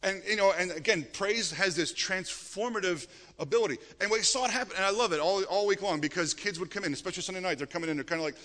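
Male pastor, middle-aged, lively sermon voice, bright and a bit high, church hall reverb. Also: racing. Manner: animated, rising to emphatic peaks, frequent restarts. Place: church sanctuary.

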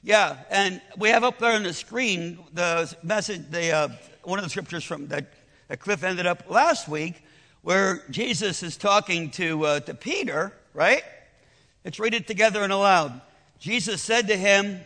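A man's voice: high-pitched, normal speed, pushed and bright, in a large hall. An older man preaching a sermon in a conversational, persuasive way, telling his own story and restarting his words often.

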